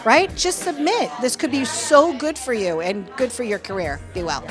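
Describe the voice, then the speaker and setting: A bubbly, effusive woman hosts a casual chat at a festival, her voice sitting a touch high. Light music plays faintly behind her. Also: animated, moderate pace. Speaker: show host.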